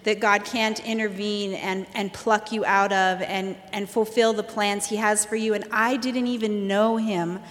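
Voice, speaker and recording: Woman, mid pitch, candid storytelling, personal testimony, reverberant hall. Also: little pitch movement, a little slow, few pauses. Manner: candid storytelling with fillers and laughs.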